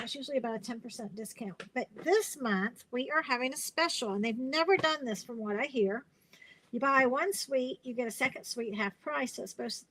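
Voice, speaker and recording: A tired woman chatting through a craft live stream, slightly high-voiced and rambling, full of fillers and restarts. Her voice comes through a webcam mic with faint background noise. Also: fairly bright tone, rough recording. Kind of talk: casual live-stream chat.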